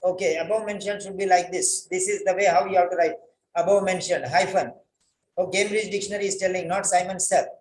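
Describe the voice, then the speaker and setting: Male writing tutor, higher pitch, corrective and repetitive, recorded in a roomy space. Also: fairly even intonation, a little fast, slight background noise. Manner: corrective, repeats phrases, spells words out. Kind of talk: correcting a student's letter line by line.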